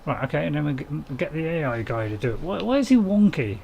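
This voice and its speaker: A man's voice: a little high, expressive, fast, gravelly, few pauses, darkish tone, breathy edge. A man, casually commenting on a farming game while streaming and chatting to viewers in a rambling, self-mocking way.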